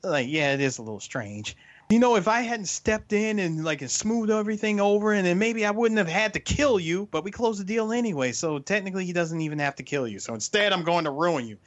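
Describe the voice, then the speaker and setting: An animated man, fairly high-voiced and lively, recapping a show in casual chat. He jumps into the characters' lines with big swings in pitch, then drops back to his own talk. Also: fairly quick, highs cut off.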